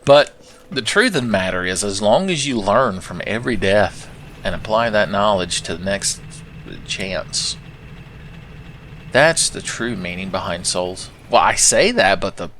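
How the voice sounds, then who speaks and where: A man's voice: on the low side, lively intonation, unhurried, a bit bright, slight background noise. Profane joking gamer man. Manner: profane, joking, talks trash to enemies. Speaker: gaming commentator. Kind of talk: casual let's-play commentary.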